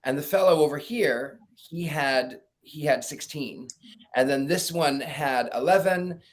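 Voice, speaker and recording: A man's voice: on the high side, a little slow. A middle-aged man, a psychic guest in an interview, telling stories with animation and acting out quoted lines, laughing often. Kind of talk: casual storytelling interview.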